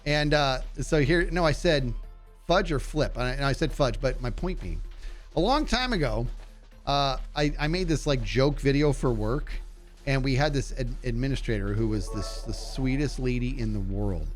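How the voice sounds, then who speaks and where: A man's voice: mid-range voice, animated, moderate pace, faint music behind. A man with a nasal voice chatting casually on a gaming livestream, reading and answering his chat as he plays. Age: adult. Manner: chatty, reads and answers chat while playing. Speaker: streamer.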